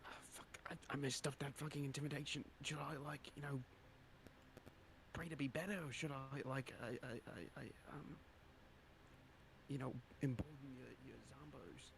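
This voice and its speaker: A man's voice: mid-range voice, steady tone, normal speed, creaky, fairly bright tone, slight background noise. A man playing a tabletop role-playing game, chatting casually and hesitantly, with playful swearing.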